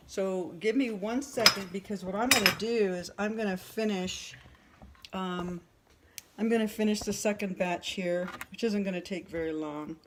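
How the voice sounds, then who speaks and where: Medium in pitch, a woman in her fifties runs a casual cooking demonstration in her home kitchen for her vlog, chatting, thinking aloud, and joking about herself. Heavy background noise comes through, including a sizzling pan and clattering dishes.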